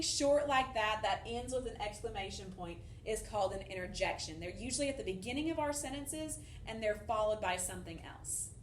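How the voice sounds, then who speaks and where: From an empty, echoey classroom, a woman records a remote fourth-grade grammar lesson for children, upbeat and encouraging as she explains step by step. Her medium-pitched voice has lively intonation and moves briskly with hardly any pauses. It is captured off-mic from a distance, with slight background noise.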